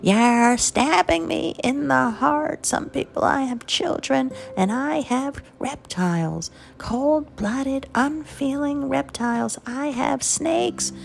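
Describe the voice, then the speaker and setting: A woman putting on a shrill wailing mother. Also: slow pace, vocal fry, hardly any pauses, full character voice. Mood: wailing, wounded. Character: dramatic screaming guilt-tripping mother, woman.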